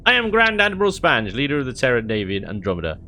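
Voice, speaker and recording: A man's voice: mid-range voice, wildly swooping pitch, quick pace, sharp tone, a little hiss or hum, voice pushed up, full character voice. A man voicing a pompous alien commander who pretends to be a human admiral, speaking in a stiff, overly formal way. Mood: lofty. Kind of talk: reading in-game dialogue aloud in a voice.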